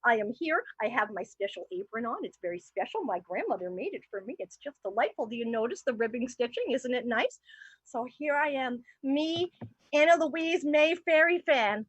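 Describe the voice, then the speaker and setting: A woman's voice: fairly high pitch, animated, moderate pace, no room sound, lo-fi sound. A woman playing a giddy young woman on her first day at a bakery in an improv scene, gushing and repeating herself.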